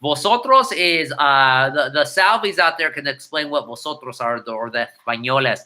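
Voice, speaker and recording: A middle-aged man from chats through viewer comments in quick, irreverent bursts, flipping between Spanish and English. His voice sits a little high for a man and rings very bright and forward. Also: expressive. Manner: irreverent, rapid-fire banter mixing Spanish and English, breaks into singing. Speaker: host answering viewer comments. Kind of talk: casual live-stream chat.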